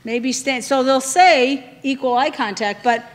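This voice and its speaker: A woman's voice: high voice, unhurried, long reverb tail. A woman leading a training session, talking conversationally and putting questions to the room.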